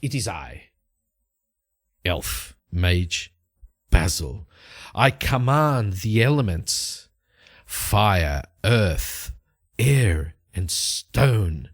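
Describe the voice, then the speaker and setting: A man's voice: sits low, sing-song, very slow, pauses often, slightly rough, heavily acted. A man voicing a nervous but boastful male elf mage who stammers and then turns grandiose.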